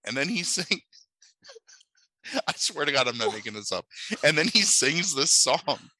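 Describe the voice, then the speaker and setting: A man's voice: a little high, very animated, measured pace, pushed and bright, no room sound, low-quality recording. A man casually recapping a bad movie, rambling, swearing and disbelieving, with many filler "like"s. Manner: rambling, profane and incredulous, heavy on "like".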